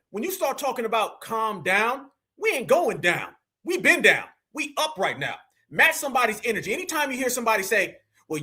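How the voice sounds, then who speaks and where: A man's voice: extremely high pitch, bright, forceful tone, slightly rough. A man hosting a reaction video, preaching and rallying his audience with repeated hype calls. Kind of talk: energetic reaction commentary.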